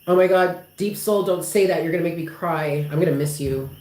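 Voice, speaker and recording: A woman's voice: lowish voice, fairly quick, darkish tone. A woman giving live tarot readings to her viewers, affectionate and emphatic, who swears casually. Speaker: tarot reader. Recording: roomy with faint background noise.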